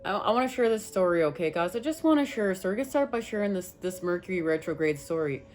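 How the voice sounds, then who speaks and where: An emphatic, rambling woman reader speaking to her viewers in a casual spiritual chat. Her voice sits low, with faint noise behind it. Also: fast talker. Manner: emphatic, rambling, animated with swearing.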